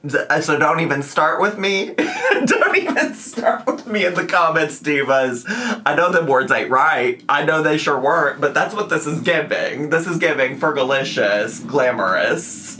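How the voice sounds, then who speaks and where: A man's voice: mid-range voice, expressive, normal speed, sharp tone, slight background noise. A man with a Southern accent giving sassy, campy reaction commentary. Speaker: reaction video host.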